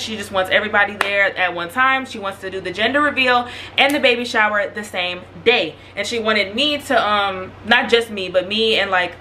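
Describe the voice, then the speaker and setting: A woman's voice: medium pitch, slight background noise. A young woman vlogger telling a casual storytime to her viewers, chatty and slangy, talking straight to the audience. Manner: chatty, animated, slangy, addresses viewers directly.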